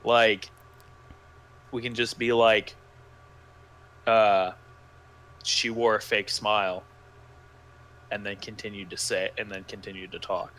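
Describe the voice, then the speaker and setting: A man's voice: fairly low pitch, level tone, slow, pauses often, a bit bright. Sarcastic profane man reviewing a story. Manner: mocking, profane, exasperated. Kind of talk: sarcastic commentary and reading.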